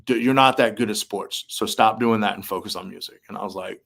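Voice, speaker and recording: His voice sits on the low side with vocal fry, and he talks a little fast. The young musician and army veteran tells stories casually in an interview, animatedly acting out quotes between many fillers.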